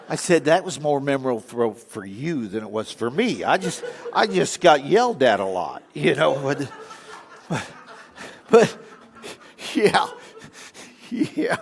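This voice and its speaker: In a church sanctuary with a long hall reverb, an older guest speaker spins lively, folksy, funny stories and imitates animal calls. He talks without hurry in a creaky voice on the high side, leaving long pauses.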